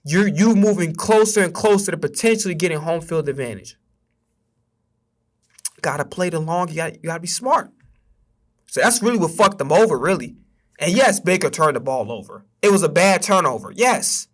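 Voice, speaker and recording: Speaking at a normal speed, this streamer and sports podcast host has a slightly high, animated and somewhat bright voice. The young man goes off on a heated, expletive-heavy sports rant on his stream.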